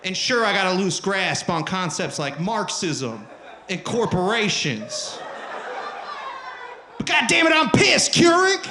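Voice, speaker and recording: A man voicing a furious, dim-witted redneck man who yells in a high-pitched rant. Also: animated, a little slow, a little hiss or hum, full character voice. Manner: yelling, high-pitched ranting. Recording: roomy live club recording.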